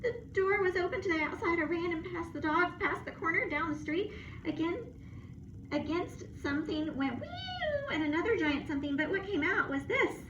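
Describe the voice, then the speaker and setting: A woman voicing an excitable young male pet dog in a storybook reading, talking breathless and eager. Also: extremely high pitch, normal speed, pitched above the performer's own voice. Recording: muffled with steady background noise.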